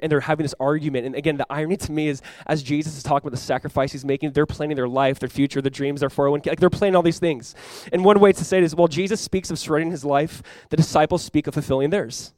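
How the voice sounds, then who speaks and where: A young adult man preaching a sermon as pastor, animated and acting out playful voices for the disciples. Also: on the high side, very fast, hardly any pauses, no room sound.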